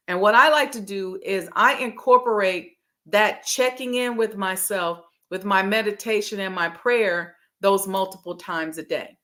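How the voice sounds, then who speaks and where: A woman's voice: mid-range voice, pushed and bright. A woman coaching viewers on a live stream. She talks in a casual, direct way and speaks straight to her audience. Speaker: emotional intelligence coach.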